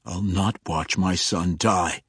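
A man's voice: deep voice, fairly even intonation, takes it slowly, breathy edge, no echo, clean studio sound, voice pushed down, full character voice. A man voicing a grim, fearless male drow warrior in an audiobook, speaking bluntly and with determination.

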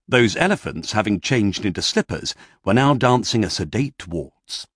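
A man's voice: on the low side, lively intonation, normal speed, few pauses, no echo. A man narrating a comic story in a dry, storytelling manner.

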